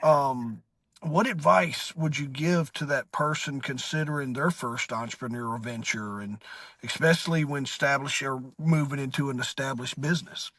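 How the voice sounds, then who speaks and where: A man's voice: mid-range voice, normal speed, fairly bright tone, no room sound. A man hosting a podcast, talking in a loose, rambling way with plenty of fillers. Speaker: podcast host. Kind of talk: casual podcast conversation.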